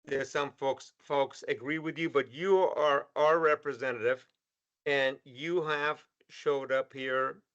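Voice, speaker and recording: A man's voice: mid-range voice, fairly even intonation, slow, a bit bright. A male host wrapping up a panel discussion and thanking his guests, often stumbling and restarting words. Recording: dull lo-fi sound.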